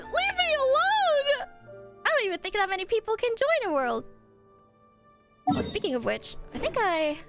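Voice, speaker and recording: A woman streaming a game live, reacting excitably and breaking into shrieks and laughter. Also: sits high. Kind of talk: live gameplay stream commentary. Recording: game music playing behind. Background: game soundtrack.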